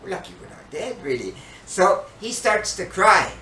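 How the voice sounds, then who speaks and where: An older man and podcast co-host, telling a story in casual chat with an animated, dramatic manner. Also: sits high, normal speed. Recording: echoey room, distant mic, faint noise.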